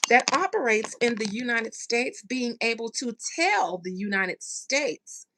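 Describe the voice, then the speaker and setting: A fairly high, sharp, animated voice belongs to a woman host running a casual commentary rant for her viewers. She drips sarcasm, hammers key words with drawn-out stress, and keeps her language loose, slangy, and lightly profane.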